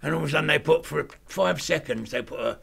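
An older man with a gravelly, creaky voice that still sounds bright and forceful. He spins animated stories in casual chat, repeating himself and laughing through the punchlines. His pitch sits on the high side for a man. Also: fast. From London, England. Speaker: guest.

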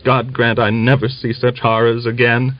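A man's voice: mid-range voice, level tone, normal speed, no echo, natural voice. A man voicing a frightened peasant woman who tells her story through sobs, in a breathless, tearful way. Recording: dull lo-fi dry recording.

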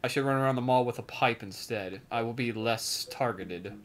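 A man playing a horror video game with a friend, reacting loudly, swearing and joking around. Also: mid-range voice, moderate pace. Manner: excitable, swears, jokey put-on accent at times. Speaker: let's play gamer. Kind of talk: casual gameplay commentary.

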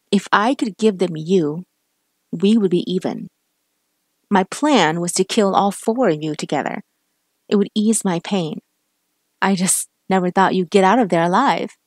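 A woman's voice: on the low side, no echo. A woman voicing a vengeful male cop turned killer, menacing and taunting, in a dry, close recording.

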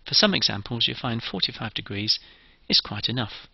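A man's voice: mid-range voice, expressive, normal speed, gravelly, sharp tone, husky, no echo, lo-fi sound. A man giving a methodical, step-by-step engineering lecture.

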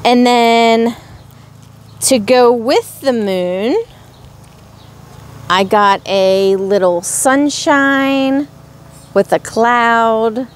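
A young woman in a casual haul vlog, showing off little charms and gushing over each one with drawn-out exclamations. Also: fairly high pitch. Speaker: crafts vlogger.

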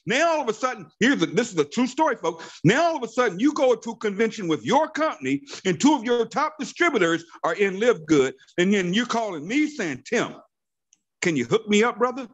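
Man, fifties, high voice, very lively intonation, fervent preachy team-leader pep talk, repeats phrases. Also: a little fast, hardly any pauses. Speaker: network marketing team leader. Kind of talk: motivational training call talk.

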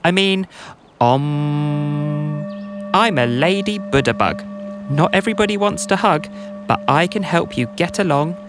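A man voicing a laid-back ladybug who teaches mindfulness in a rhymed bedtime story, mellow and calming. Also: sits high, moderate pace, music in the background, voice pushed up. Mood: mellow, soothing.

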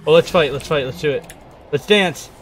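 A young man giving playful, excitable live commentary on his own video game match, trash-talking and hyping himself up. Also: a little high, moderate pace, a little hiss or hum. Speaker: gaming streamer.

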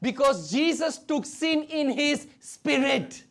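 Lively high-voiced woman preaching a sermon. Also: slow. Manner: animated preaching mixing English and Hindi, call and response.

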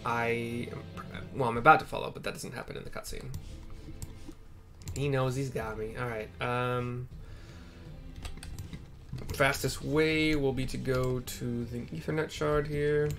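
A man talks loosely through a game playthrough, trailing off and correcting himself as he goes. His voice sits at an ordinary middle pitch. Quiet game music plays behind him. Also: steady tone, a little slow, gravelly, pauses often. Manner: rambling, self-correcting, chatty asides. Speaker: game streamer. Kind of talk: casual gameplay commentary.

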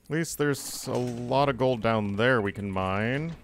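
A man's voice: mid-range voice, unhurried, gravelly, slight background noise. Casual man narrating his gameplay. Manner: offhand, chatty, muttering to himself. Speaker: gaming streamer.

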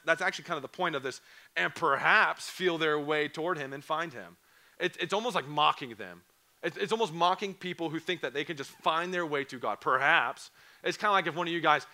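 A young man with a hoarse, fading voice preaching an earnest youth camp sermon, repeating phrases and asking students questions. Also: on the high side, pushed and bright. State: hoarse, voice going. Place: church or camp hall.

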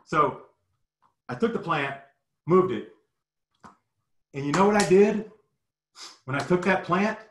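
A man in his fifties telling personal stories, animated and acting out the people in them. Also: a little high, slow, pauses often. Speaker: guest storyteller. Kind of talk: personal storytelling. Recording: roomy echo.

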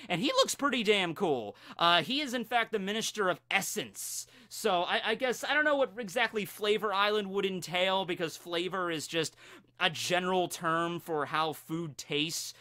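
A man hosting a casual fan commentary channel, talking in an energetic, rambling way with many restarts. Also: high-pitched, moderate pace. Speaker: YouTube host.

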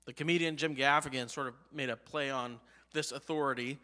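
A man's voice: mid-range voice, steady tone, a little fast, pushed and bright, long reverb tail. A male pastor preaching a sermon, emphatic, asking the congregation rhetorical questions. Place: church sanctuary.

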